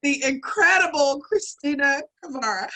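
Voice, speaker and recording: A woman's voice: high-pitched, lively intonation, moderate pace, sharp tone, poor audio. A woman emceeing an online event, introducing speakers in an effusive, tearful, emphatic way over a video call. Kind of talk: emotional live introductions.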